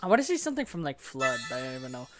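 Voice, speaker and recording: Gaming host, casual play-by-play, giggly and excitable, faint music under the talk. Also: mid-range voice, rapid-fire. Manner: excitable, giggly, self-interrupting. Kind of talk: casual gameplay commentary. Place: home room with a fan running.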